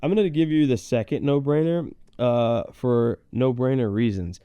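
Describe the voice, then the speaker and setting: A man co-hosting a casual podcast, rambling through his points and teasing his friend. His voice is mellow and dark, recorded dry and close. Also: medium pitch, normal speed, clear, resonant tone, dry recording, muffled recording. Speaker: podcast co-host. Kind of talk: casual chat. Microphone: podcast mic.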